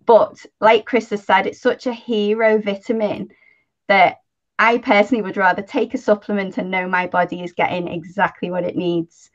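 A woman's voice: mid-range voice, fairly even intonation, moderate pace. Woman explaining, in dull lo-fi sound. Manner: friendly, explanatory, checks in with listeners. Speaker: livestream co-host. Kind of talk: casual livestream chat. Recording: dull lo-fi audio.

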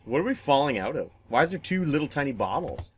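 A man's voice: medium pitch, sing-song, fast, slight background noise. A man giving casual, profane, joking commentary while playing a strange video game. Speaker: let's play host. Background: game music.

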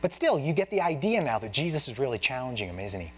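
A man with a mid-range, slightly rough voice talks fast as he preaches an expository sermon in a church sanctuary. As pastor, he teaches in a casual, chatty way, addressing the congregation like friends. He acts out Bible scenes, giving the characters lively voices.

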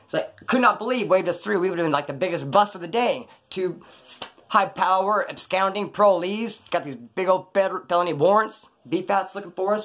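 A man's voice: sits high, lively intonation, a little fast, fairly bright tone. A man telling his own prison and street stories in a slangy, profane way, acting out the people he quotes. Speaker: former inmate telling his story. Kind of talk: casual storytelling.

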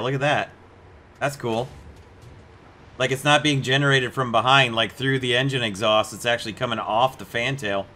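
Bright-voiced man chatting over gameplay. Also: mid-range voice. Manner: chatty, amused, puts on mock accents for jokes. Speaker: gameplay video host. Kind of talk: casual gameplay commentary.

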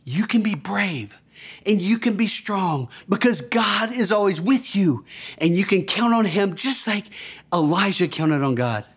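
Lively man telling a kids' Bible story. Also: high-pitched, measured pace, slightly rough. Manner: enthusiastic, gasping, leads children in call-and-response. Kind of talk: animated storytelling to young children.

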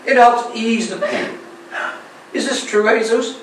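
A man playing a lovesick Spanish gentleman. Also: extremely high pitch, measured pace, slight background noise. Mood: mock-tragic. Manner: theatrical, lingering sighs and flirty asides. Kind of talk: amateur stage comedy. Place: theatre stage. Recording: echoey hall, stage mic far off.

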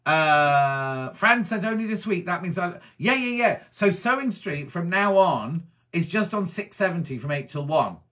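Chatty bright-voiced man reading messages. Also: high voice, lively intonation. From Wiltshire, England. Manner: chatty, answers messages with quick asides. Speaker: TV presenter reading viewer messages. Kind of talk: casual chat reading viewer comments.

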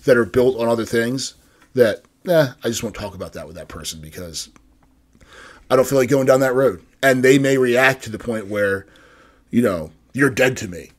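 American guy cohosting a podcast, laid back, average pitch. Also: moderate pace. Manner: easygoing, lots of agreeing murmurs. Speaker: podcast co-host. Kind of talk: casual chat.

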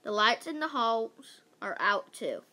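A woman voicing a calm, authoritative male principal from a children's book. He speaks slowly and firmly to keep everyone steady, in a bright, high voice. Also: full character voice. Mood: reassuring.

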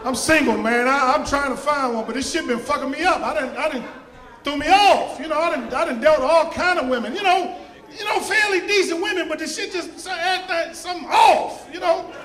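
A male stand-up comedian with a strikingly high voice performs a loud, rowdy set. He shouts his punchlines in an echoey club, with a busy audience audible behind him. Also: brisk. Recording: roomy club with audience noise. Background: audience laughter and crowd noise.

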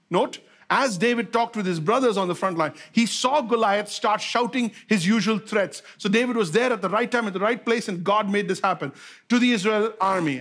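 A man's voice: sits high, a bit bright. A man pastor preaching a sermon, repeating key phrases and putting rhetorical questions to the congregation.

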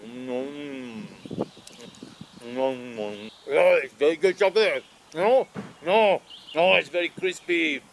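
A man voicing a silly, excitable cartoonish Frenchman with a mustache, in a put-on cartoon French accent, outdoors in a comedic sketch. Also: on the high side, takes it slowly, vocal fry, long pauses, noisy background. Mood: playful. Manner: silly, exaggerated, theatrical. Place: outdoors on grass.

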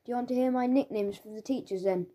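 A woman's voice: a little high, quick pace, slight background noise, lightly acted. Woman doing a sly teasing school bully boy. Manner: sly, teasing, leaning in with loud whispers. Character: boy bully who gives everyone nicknames. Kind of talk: audiobook character reading.

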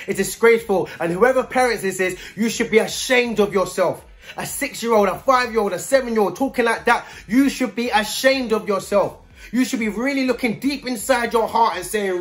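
A man's voice: high-pitched, fairly bright tone. A man giving a blunt, scolding video commentary full of street slang.

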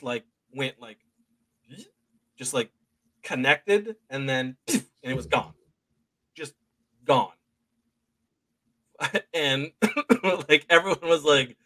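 A man's voice: mid-range voice, fairly bright tone, dry recording. A man in his forties, a guest telling a story casually, rambling and full of fillers. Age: 40s. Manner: rambling, slow delivery with many fillers. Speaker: guest filmmaker.

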